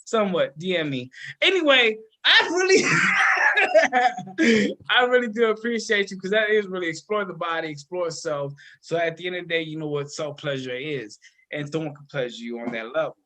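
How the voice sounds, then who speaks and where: A man hosting a podcast in casual chat, telling excitable, profane stories. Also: fairly high pitch, a little fast. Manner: loud, excitable, profane storytelling. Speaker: podcast host.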